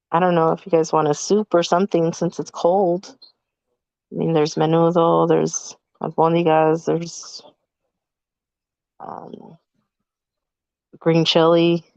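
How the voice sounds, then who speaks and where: Raspy-voiced woman co-hosting, muffled dry sound. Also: lowish voice, no echo. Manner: relaxed, trailing off with fillers. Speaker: podcast co-host. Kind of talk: casual live podcast chat.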